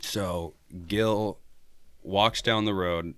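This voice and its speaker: A man's voice: on the low side, fairly even intonation, very slow, a bit bright, clean tone, no room sound. A man guesting on a podcast, telling road-trip stories in a laid-back way, swearing a lot and laughing often. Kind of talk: casual storytelling chat.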